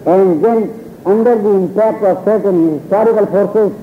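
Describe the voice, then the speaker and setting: A man giving a public religious lecture to an audience, telling a story in a deliberate, paused way. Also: high-pitched, a little hiss or hum. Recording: tinny, echoey lo-fi hall recording.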